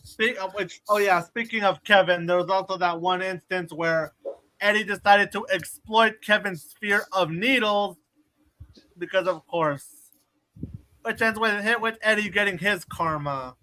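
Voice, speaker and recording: A man's voice: sits high, unhurried, sharp tone, poor audio. A man hosting a casual podcast and putting questions to his guest. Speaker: podcast host. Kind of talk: casual chat.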